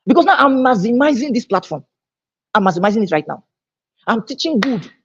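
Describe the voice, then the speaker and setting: Male teacher, husky voice, emphatic and repetitive, dull-sounding live-stream recording. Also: very high-pitched, sing-song, a little fast. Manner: emphatic, repeats key phrases. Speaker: online teacher. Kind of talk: live online lecture. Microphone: own microphone, recorded on camera.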